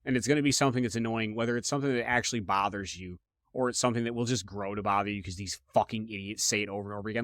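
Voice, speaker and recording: Profane man telling stories, low voice. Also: very fast, no echo, clean studio sound. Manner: profane, animated, repeats himself. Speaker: podcast host. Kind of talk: casual comedic storytelling.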